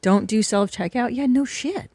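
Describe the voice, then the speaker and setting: A woman's voice: on the high side, normal speed, a little mellow, breathy edge, dry recording. A woman co-hosting a podcast, making blunt, sarcastic remarks in casual chat. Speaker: podcast co-host.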